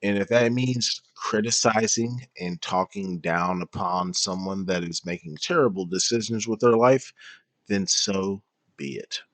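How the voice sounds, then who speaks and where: A low-pitched man reacts to a clip in a blunt, mocking and exasperated way. He swears freely and sounds dry and close. The delivery is casual stream commentary. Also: measured pace, a bit bright, no room sound.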